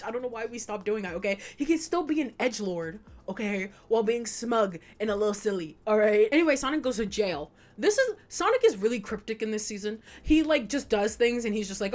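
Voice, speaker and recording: A young woman giving a casual retrospective commentary, animated and emphatic, swearing freely as she talks. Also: medium pitch, fast talker, hardly any pauses. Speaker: video essayist.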